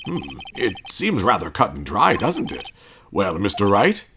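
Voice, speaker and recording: A man's voice: fairly low pitch, huge pitch swings, unhurried, noisy background, full character voice. A man voicing a flustered older male judge who speaks formally and gets rattled easily. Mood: hesitant.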